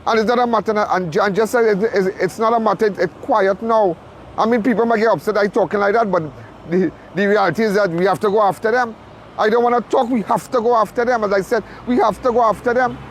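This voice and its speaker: A man with a high, ringing voice, speaking outdoors at a roadside with faint traffic noise behind him. He talks with insistent emphasis, hammering the same phrases again and again and tripping over his own restarts. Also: fairly even intonation, fast talker. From Trinidad and Tobago. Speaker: on-scene reporter and commentator. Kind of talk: impassioned on-the-spot commentary. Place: outdoors at a roadside crime scene.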